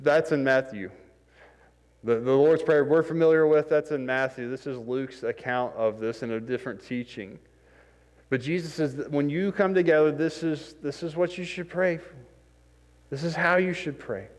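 A man's voice: on the high side, steady tone, normal speed. A man preaching a sermon in a conversational, self-deprecating way, acting out the scenes he describes. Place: church sanctuary. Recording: long hall reverb.

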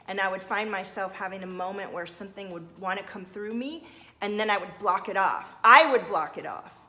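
A woman's voice: mid-range voice, fairly bright tone. A woman hosting a livestream as a spiritual coach, talking earnestly and answering viewers' comments.

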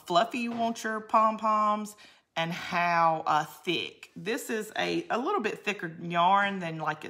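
Lady doing a live craft stream, low-ish but bright voice, rambly and self-teasing. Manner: chatty, rambling, self-deprecating, reads viewer comments aloud. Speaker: craft video host. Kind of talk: live-stream craft tutorial with chat reading.

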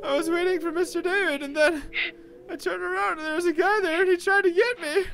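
A man voicing a scared, tearful little boy who stubbornly refuses to leave, in a high, whiny childlike voice. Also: steady tone, a little fast, creaky, fairly bright tone, full character voice.

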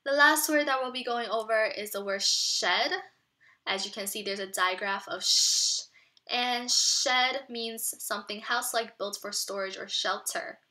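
A woman teacher giving a children's read-aloud lesson, explaining words patiently and clearly. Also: a little high, measured pace, bright, forceful tone.

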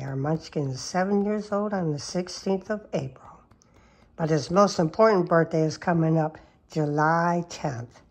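A woman talking baby talk to her cats at home, cooing and sometimes whispering in a sing-song way. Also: fairly low pitch. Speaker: cat owner filming her cats. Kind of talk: casual baby talk to pets. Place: home, at a table with coffee.

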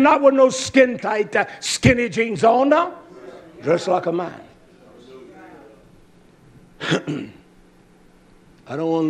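A man preaching a fiery sermon, fervent and emphatic, drawing out words and breaking into shouts. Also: sits high.

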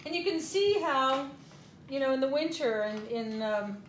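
Brief: chatty woman host, slightly high, cooking demo, echoey kitchen, dish clatter. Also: lively intonation, normal speed, a little hiss or hum. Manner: chatty, rambling, with fillers. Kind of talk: casual cooking demonstration. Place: home kitchen.

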